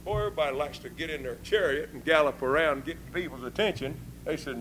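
A man preaching a sermon with folksy, informal grammar, swinging between hushed talk and fervent shouting. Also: fairly high pitch, fast talker, few pauses, slightly rough, low-quality recording.

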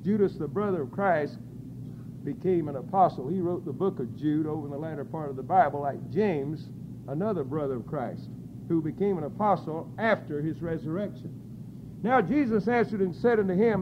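A man preaching a sermon, crying out scripture at full force and then dropping to quiet, low asides. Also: normal speed, dull audio, noisy background.

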